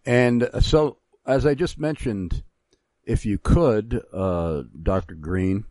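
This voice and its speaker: A man hosting a Christian talk program, speaking in a measured, halting way with frequent pauses. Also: lowish voice, darkish tone, dry recording. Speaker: radio show host.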